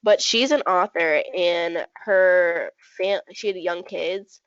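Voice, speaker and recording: A woman co-hosting a podcast in casual chat, talking quickly and animatedly with frequent fillers. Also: lowish voice, a bit bright, dry recording. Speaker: podcast co-host. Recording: dull dry lo-fi sound.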